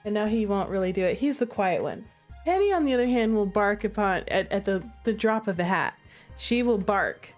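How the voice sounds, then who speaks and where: A woman's voice: mid-range voice, expressive, moderate pace, soft background music. A woman streamer in casual chat at home, playful and giggly as she chats with her pets and coaxes them. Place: room at home.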